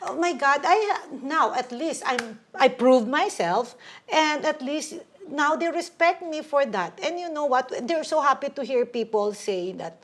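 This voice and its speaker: An older woman, telling stories in an animated, chatty way as an interview guest. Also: high voice, a little slow. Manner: chatty, animated storytelling with mixed English and Tagalog. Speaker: guest, vlogger. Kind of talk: casual interview chat.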